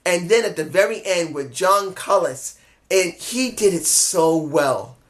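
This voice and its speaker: Excitable guy reviewing wrestling alone, rambly, keeps blanking on names. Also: high voice, a little slow. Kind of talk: casual solo review.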